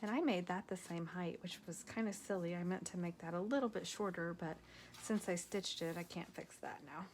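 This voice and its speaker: A tired woman hosting a crafting video, chatting casually and softly, at times dropping to a whisper as she works. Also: fairly low pitch, fairly even intonation, brisk, slight background noise. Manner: soft-spoken, drifts into whispers while working.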